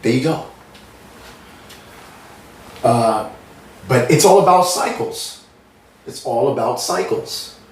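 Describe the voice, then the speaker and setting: A man of middle pitch, from the United States, talking in a meandering, earnest spiritual monologue. He repeats himself and circles back. The sound is roomy and picked up from some distance. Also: expressive, takes it slowly, pauses often. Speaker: spiritual channel host.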